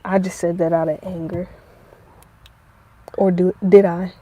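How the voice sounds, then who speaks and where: A woman's voice: on the low side, measured pace, breathy edge, low-quality recording. A woman vlogger telling rambling, profane stories in a casual monologue. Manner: profane, rambling, animated storytelling.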